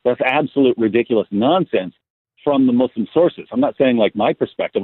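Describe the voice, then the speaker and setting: A man's voice: medium pitch, breathy edge, dry recording. A man being interviewed as a guest, speaking bluntly and telling stories with frequent restarts. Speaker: guest apologist. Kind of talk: conversational interview answers. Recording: tinny phone line.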